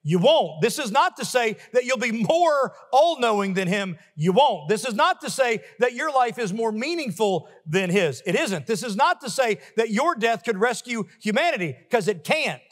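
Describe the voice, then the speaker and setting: High-voiced male pastor preaching emphatically. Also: expressive, normal speed, few pauses, in a large hall. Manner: emphatic, rising to forceful peaks with repeated refrains. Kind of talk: sermon. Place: church sanctuary.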